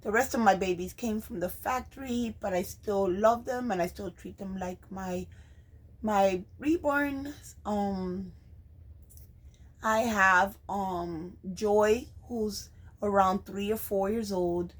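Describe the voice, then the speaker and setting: A woman vlogger talking to the camera in a soft, heartfelt way, pausing often with ums and restarts. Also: mid-range voice, rough recording. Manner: slow, hesitant, with frequent ums and restarts. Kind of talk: personal vlog talking to camera.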